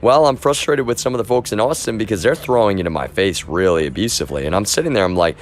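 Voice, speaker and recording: Very deep-voiced man rambling insistently. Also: fast talker, slight background noise. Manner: rambling, with many restarts and repeated phrases; insistent, keeps stressing his point. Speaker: livestreamer. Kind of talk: casual unscripted monologue.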